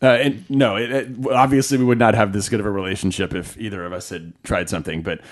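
A man's voice: lowish voice, steady tone, quick pace. Wry man co-hosting a podcast. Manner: dry, joking, wry understatement. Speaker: podcast co-host. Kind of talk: casual chat.

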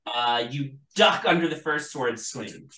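A game master running a tabletop game, halting and full of ums as the rolls come in. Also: medium pitch, bright, forceful tone, roomy sound, poor audio. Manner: halting, lots of ums and likes.

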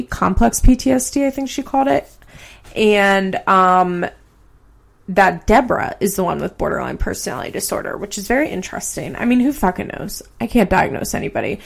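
Podcast host, woman, mid-pitched with vocal fry, casual rambling commentary, swears freely. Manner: chatty, swears casually, heavy use of "like".

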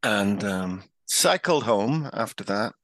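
A man's voice: fairly low pitch, lively intonation, slow, fairly bright tone, no room sound. A man co-hosting a comedy podcast, telling self-deprecating stories in a chatty, easygoing way. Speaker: podcast co-host.

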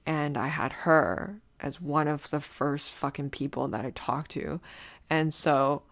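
A woman's voice: low voice, measured pace, dry recording. A woman casually telling a rambling personal story, swearing often and restarting her sentences. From grew up partly in Canada, moved there as a child. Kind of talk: casual profane storytelling monologue.

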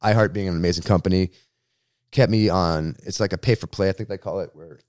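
Deep-voiced radio host from Boston, quick slangy storyteller, interview guest. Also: male voice, no room sound, clean studio sound. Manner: slangy, lively anecdotal telling.

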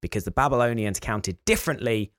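A man's voice: medium pitch, animated, a little fast, a bit bright, no echo, studio quality. A man co-hosting a podcast, explaining facts and telling stories in casual chat. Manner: explaining, storytelling. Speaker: podcast co-host.

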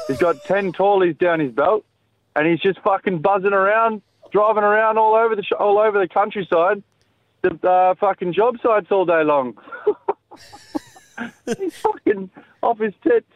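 Australian caller, crude and chatty, higher voice, dry tinny phone message. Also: male voice, moderate pace, no echo. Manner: crude, chatty, swears freely. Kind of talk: recorded voice message.

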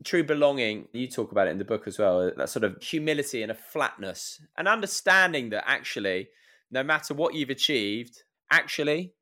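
A man's voice: medium pitch, animated, a little fast, sharp tone. A man interviewing a guest, building his points in short, thoughtful phrases. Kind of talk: conversational interview question.

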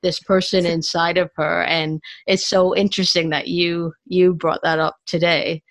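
A woman's voice: on the low side, level tone, normal speed, no room sound. A woman hosting an interview, asking questions with encouraging, hesitant fillers. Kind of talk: casual interview chat.

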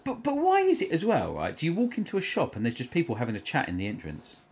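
A man's voice: fairly high pitch, wildly swooping pitch, fast. A British man co-hosting a podcast, telling a story in casual chat, swearing and laughing a lot. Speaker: podcast co-host.

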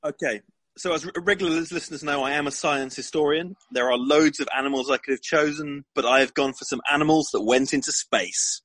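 A man who is a science historian, presenting his pick to a casual panel in a measured way. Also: a little high, a bit bright, no room sound, rough recording. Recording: dry close sound.

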